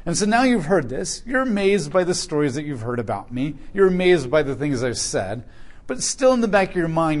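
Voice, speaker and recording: A man preaching through a Bible passage, animated as he acts out the voices of the people in the story. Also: a little high, fairly quick. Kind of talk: expository Bible teaching.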